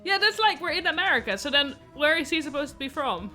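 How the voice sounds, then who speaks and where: Woman streamer reading game text and chatting with viewers, bright lively voice, faint game music behind. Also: sits high, quick pace. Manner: reads dialogue in her own voice, no accents; chatty, reacts aloud to the story.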